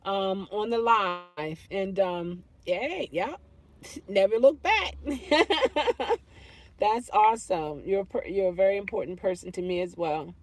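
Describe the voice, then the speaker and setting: A woman's voice: mid-range voice, takes it slowly. A woman vlogger chatting casually as she reads out viewer comments, laughing often and slipping into playful impressions. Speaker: YouTube vlogger. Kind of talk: casual chat reading comments.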